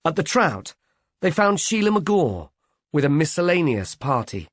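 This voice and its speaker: A man narrating a classic mystery novel in an expressive, measured reading. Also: fairly high pitch, no room sound. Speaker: audiobook narrator. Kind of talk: scripted narration.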